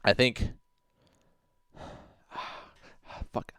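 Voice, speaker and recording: A man's voice: drawn-out words, a bit bright, no echo, clean studio sound. A man hosting a livestream, rambling in casual commentary with constant "like" fillers and swearing, answering chat messages as he goes. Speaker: livestream host.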